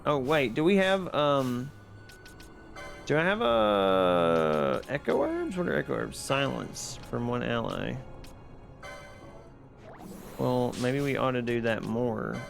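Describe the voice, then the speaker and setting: A man streaming live, chatting casually and excitably with his viewers while playing a game. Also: mid-range voice, measured pace, creaky, faint music behind. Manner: excitable, chatty, reads and answers chat.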